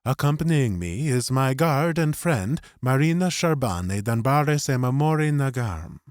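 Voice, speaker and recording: A guy doing a soft melodic alien diplomat, grave and measured, dry close recording. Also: medium pitch, expressive, no room sound, voice pushed up, lightly acted. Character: tall grave alien male ambassador.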